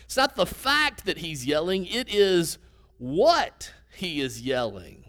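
Male preacher, high voice, conversational teaching delivery with questions to the congregation. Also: very animated, slow pace, bright, forceful tone. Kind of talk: sermon.

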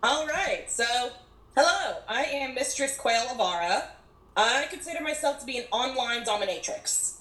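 A woman's voice: high voice, animated, normal speed, a bit bright. A woman from Georgia in the United States with a slight Southern accent, chatting as a podcast guest. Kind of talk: casual interview chat. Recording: roomy echo.

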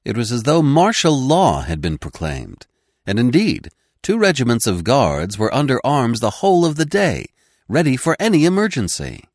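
A man reading a classic crime story aloud as narrator, lively and giving each character their own voice. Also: mid-range voice, moderate pace, no room sound, clean studio sound. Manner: animated, voicing each character in turn. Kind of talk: scripted audiobook narration.

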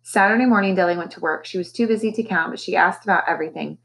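A woman teacher reading a novel aloud to her class, with expressive, animated storytelling. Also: lowish voice, racing, few pauses, a little hiss or hum, rough recording.

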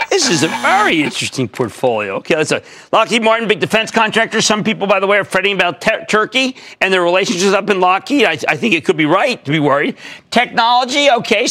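A man hosting a stock market call-in show on TV, loud and emphatic as he talks through callers' holdings. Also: high voice. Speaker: host.

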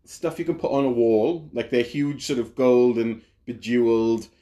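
A man's voice: mid-range voice, moderate pace, dark tone. A man co-hosting a podcast in casual chat, rambling with many fillers and frequent laughs. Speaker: podcast co-host.

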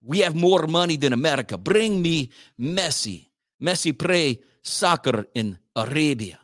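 A man's voice: on the high side, expressive, measured pace, fairly bright tone, no room sound, studio quality. A man doing a boastful rich soccer boss. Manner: broken-English mock accent, demanding.

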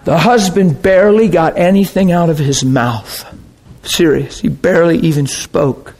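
A man preaching to his congregation, telling a story with lots of energy. His voice sits a little high, and he laughs often and acts out sounds as he goes. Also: moderate pace. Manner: animated, laughs often, breaks into sound effects. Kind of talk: sermon storytelling.

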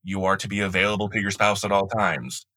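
A man's voice: low voice, fairly even intonation, fairly quick, bright, forceful tone, dry recording. A man co-hosting a podcast, talking frankly in casual chat. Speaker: podcast co-host.

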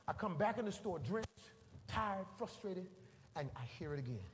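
Animated preacher with a lively high voice. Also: male voice, moderate pace, slight background noise. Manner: animated storytelling, voices the people in it, makes beeping sounds. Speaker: pastor. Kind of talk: sermon with acted-out story. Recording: reverberant hall, faint ambience.

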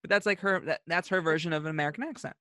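A man co-hosting a podcast, chatting casually and telling animated, opinionated stories. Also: on the high side, very fast, no echo, studio quality. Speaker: podcast co-host. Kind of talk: casual chat.

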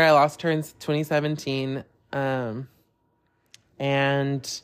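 A man hosting a solo podcast in a casual, candid chat who swears freely and talks openly about personal feelings. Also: mid-range voice. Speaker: podcast host.

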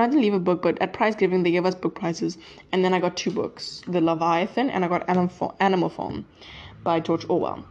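A woman's voice: on the low side, darkish tone, muffled recording. Chatty teenage girl vlogging. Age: teens. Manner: chatty, rambling, often distracted. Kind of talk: casual chat to camera.

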